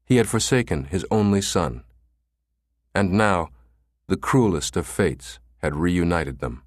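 A man narrating an audiobook in a measured, even storytelling manner, close to a studio mic. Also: sits low, dry recording.

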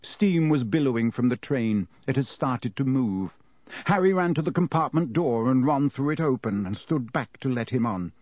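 Male narrator, animated storybook reading, dry close mic. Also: mid-range voice, normal speed, dry recording. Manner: expressive storytelling delivery. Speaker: audiobook narrator. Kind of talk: scripted narration.

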